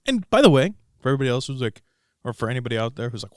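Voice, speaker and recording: A young man hosting a podcast in casual chat, emphatic and animated, repeating words for stress. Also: medium pitch, racing, dry recording, studio quality. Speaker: podcast host.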